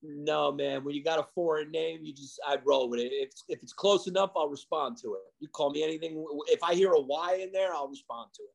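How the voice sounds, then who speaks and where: Man, comedian guest, gravelly voice, casual podcast chat, rambling with fillers. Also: on the high side, brisk, hardly any pauses. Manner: rambling, many fillers and restarts.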